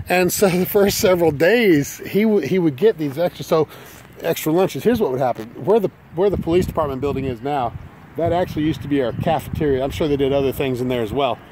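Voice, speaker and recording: A man's voice: fairly high pitch, background noise. A middle-aged man telling a personal story in a folksy, self-deprecating way, outdoors. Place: outdoors by an old school building.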